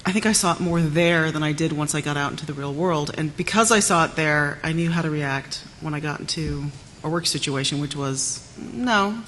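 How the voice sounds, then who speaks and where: A woman systems administrator answering on a conference panel in a wry, unhurried way. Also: low-pitched, fairly even intonation, fairly bright tone, slight background noise.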